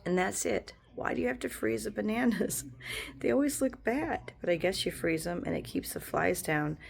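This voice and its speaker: Woman streamer with a gravelly voice, drifting from thought to thought. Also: mid-range voice, expressive, moderate pace. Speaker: live streamer. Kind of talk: casual rambling monologue.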